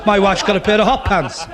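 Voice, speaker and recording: A high-voiced man works the room, chatting with the crowd and repeating his gags. A lively audience laughs around him. Steady hiss runs under the old club recording. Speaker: stand-up comedian. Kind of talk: stand-up routine.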